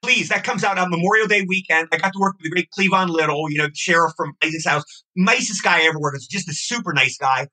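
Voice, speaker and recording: A man with a high, very bright, slightly husky voice talks fast on a podcast. He rambles, gushes and repeats himself in loose casual chat. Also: poor audio. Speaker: podcast guest, actor.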